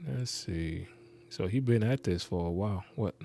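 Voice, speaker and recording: A man's voice: low voice, moderate pace, gravelly, dark tone. A man hosting a reaction video, rambling and skeptical, muttering asides as he comments.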